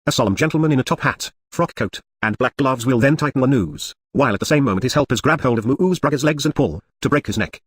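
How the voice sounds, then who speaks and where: A man reading a brooding gentleman, husky and fast. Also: mid-range voice, no echo, natural voice. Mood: intense. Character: brooding man of leisure, intense.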